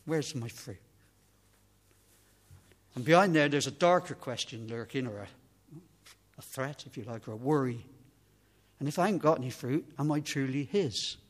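A man's voice: mid-range voice, lively intonation, moderate pace. A man leading a casual, self-deprecating sermon, often trailing off and picking his thought back up. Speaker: preacher. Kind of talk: informal sermon.

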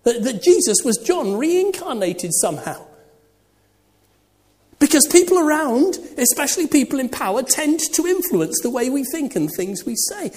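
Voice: high voice, big pitch swings, normal speed, a little mellow. A preacher delivering a sermon, voice swooping up and down as it throws rhetorical questions at the congregation. The sound rings with the long reverb of a church.

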